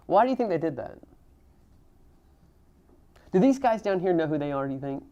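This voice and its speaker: A man's voice: a little high, sing-song, normal speed, dark tone, muffled recording. A man teaching a history class, talking conversationally and asking students questions as he goes. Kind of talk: classroom lecture.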